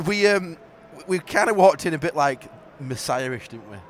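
A man's voice: on the high side, lively intonation, normal speed, slight background noise. A man co-hosting a football podcast, cheeky and giggly, teasing his co-host from a stadium press box. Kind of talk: casual football podcast chat.

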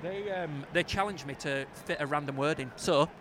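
A man's voice: a little high, moderate pace. Jokey man in a noisy press box. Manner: jokey, excitable banter. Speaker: podcast co-host. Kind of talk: casual football podcast chat.

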